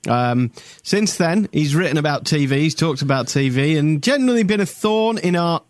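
A man's voice: a little high, animated, normal speed, no echo, clean studio sound. A man hosting a podcast, chatting casually and teasing his guest. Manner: teasing, provocative. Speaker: host.

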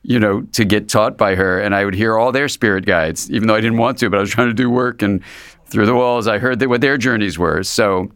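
A man's voice: lowish voice, brisk, fairly bright tone, clean tone, dry recording. A man, a psychiatrist being interviewed, talking in a thoughtful, meandering way with frequent restarts. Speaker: psychiatrist and guest. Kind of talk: reflective conversational interview.

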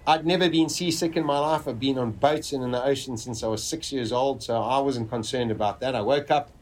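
A man vividly recounting a personal survival story, with dramatic pauses. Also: mid-range voice.

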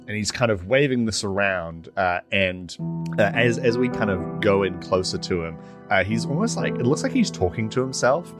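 With music clearly audible beneath him, a fairly low-voiced player talks about his game character at a moderate pace. He's expressive but loose and rambling, peppering his speech with fillers and restarts.

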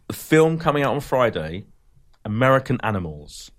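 A man's voice: medium pitch, sing-song, normal speed. A man co-hosting a casual chat, enthusiastic and full of gushing praise, often repeating himself. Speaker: podcast co-host.

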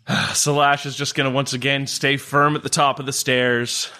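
A man with a bright, forceful voice plays in a tabletop game. He describes his character's moves in a calm, measured way, at an ordinary pitch. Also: clear, resonant tone. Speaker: player. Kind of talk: tabletop role-play.

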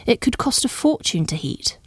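A woman's voice: fairly high pitch, very animated, breathy edge, dry recording, clean studio sound, voice pushed up. A woman putting on a gushing, bossy society lady. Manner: emphatic, exclaiming, quick to overrule.

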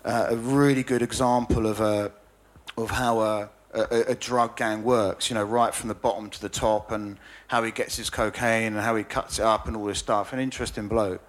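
A man's voice: lowish voice, fairly even intonation, moderate pace. A man telling a rambling, self-deprecating story in casual conversation, with many stammering restarts and frequent laughter. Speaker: journalist and author guest.

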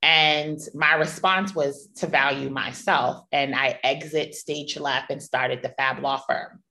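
A woman's voice: a bass voice, fairly even intonation, slow pace, creaky, bright, forceful tone. A middle-aged woman hosting a podcast, telling personal stories in a candid, playful and emphatic way. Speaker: podcast host. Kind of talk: personal storytelling monologue.

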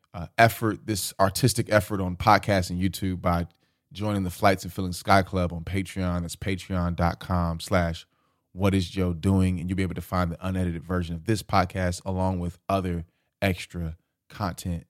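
Low-voiced, easygoing male podcast host. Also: normal speed, no echo, clean studio sound. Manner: relaxed, easygoing, addresses listeners as y'all. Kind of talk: casual podcast chat.

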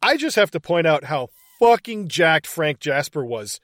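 A man recaps a film scene by scene, swearing freely and getting excited about the acting. His voice sits a little high for a man, and the recording is dry and close. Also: unhurried, no room sound. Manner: excited, profane retelling of scenes. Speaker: podcast host. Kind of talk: casual film recap chat.

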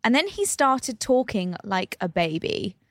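A young woman co-hosting a podcast, telling dating stories in animated, casual chat and laughing and gasping often. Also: fairly high pitch, no room sound, clean studio sound. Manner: animated storyteller, quick to laugh and gasp. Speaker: podcast co-host.

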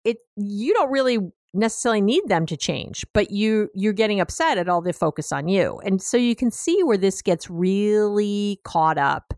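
A woman's voice: mid-range voice, animated, normal speed, hardly any pauses, darkish tone, no echo. Chatty woman therapist, dry close sound. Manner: chatty and direct, many "you know" fillers; acts out clients' and partners' voices. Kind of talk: podcast advice talk.

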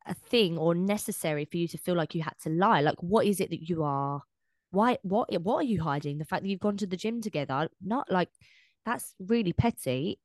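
A woman co-hosting a podcast in casual chat, animated, swearing freely and acting out what people say. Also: on the low side, fairly quick, no echo. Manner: animated, swears, acts out quoted speech. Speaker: podcast co-host.

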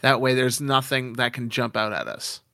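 A man acting as dungeon master of a tabletop game, lively and quick to laugh as he directs the players. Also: mid-range voice, creaky, no echo, clean studio sound.

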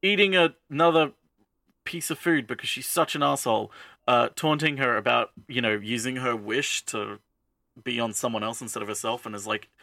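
A man co-hosting a podcast, excitedly recapping an episode with lots of swearing and "like". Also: medium pitch, normal speed, vocal fry, dry recording. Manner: excited, profane, heavy use of "like". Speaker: podcast co-host. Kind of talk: casual chat, recapping an anime episode.

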